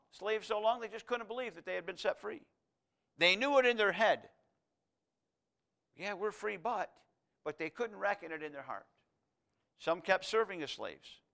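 A man delivers a sermon in a high-pitched, bright voice. He swings between loud, emphatic proclamation and soft, close asides to the congregation. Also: gravelly, clean tone. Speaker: preacher.

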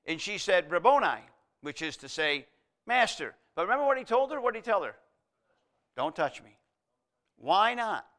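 Middle-aged male preacher, bright forward tone, rhetorical questions, big swings between loud and hushed. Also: very animated, fast talker, hardly any pauses. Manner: swings between loud emphatic peaks and hushed low passages; asks the congregation rhetorical questions. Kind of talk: sermon.

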